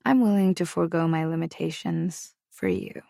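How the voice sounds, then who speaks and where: A woman reading the lines of a brooding, commanding man who speaks in a calm, teasing, cryptic way. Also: low-pitched, normal speed, gravelly, dry recording, studio quality, full character voice.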